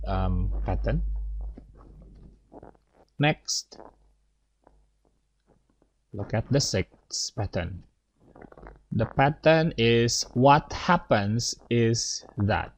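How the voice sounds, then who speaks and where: A man's voice: on the low side, a little mellow, a little hiss or hum, low-quality recording. A man teaching an English grammar lesson, explaining step by step and checking in with his students.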